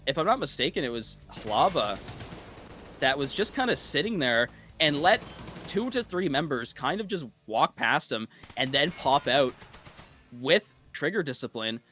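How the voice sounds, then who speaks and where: Bright-voiced stammering male esports caster. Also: a little high, big pitch swings, unhurried, soft background music. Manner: stammering, repeats words at the start of sentences. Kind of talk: live esports commentary.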